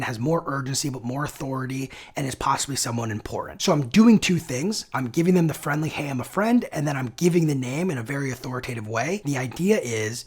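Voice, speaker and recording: A man hosting a sales lesson, explaining cold-call tactics in an upbeat, energetic teaching manner. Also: medium pitch, slightly rough. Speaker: sales coach and channel host. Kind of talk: instructional video lesson.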